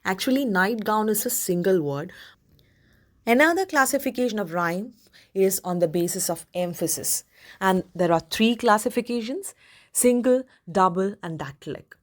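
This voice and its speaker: A woman tutor from India, giving an exam-prep lecture that reads out definitions and then says example words slowly. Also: mid-range voice, expressive.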